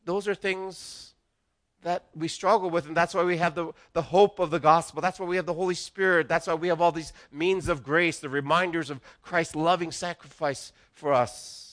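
A man's voice: fairly high pitch, steady tone, moderate pace, fairly bright tone. A middle-aged man preaching a sermon as pastor, earnest and conversational, often restarting his phrases.

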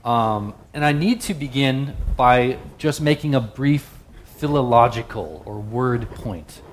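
A man preaching a sermon in a relaxed, conversational way, often turning to ask his listeners questions. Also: mid-range voice, takes it slowly, slight background noise. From the West. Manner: conversational, asks the audience questions.

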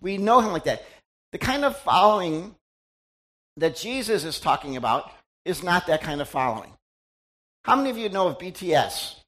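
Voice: mid-range voice, very animated, moderate pace, pauses often, fairly bright tone. A middle-aged pastor giving a conversational sermon, chatty and teasing, often quizzing the congregation.

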